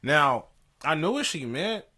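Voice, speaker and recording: A man's voice: on the high side, big pitch swings, a little slow, bright, forceful tone. A young man co-hosting a podcast, telling a story in casual slangy chat and laughing as he goes. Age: young adult. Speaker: podcast co-host. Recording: poor audio.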